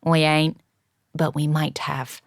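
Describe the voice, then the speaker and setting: A gruff, insolent butler who grunts out short, blunt lines, as a woman narrator puts him on. His voice sits low and gravelly, dry and close to the mic. He is a cheeky ruffian in an audiobook. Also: little pitch movement, slow pace, no echo, heavily acted.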